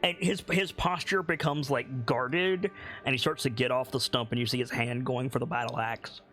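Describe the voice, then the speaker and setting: A man narrating as game master of a tabletop game, unhurried, with many pauses and restarts. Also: mid-range voice, fairly even intonation, a bit bright.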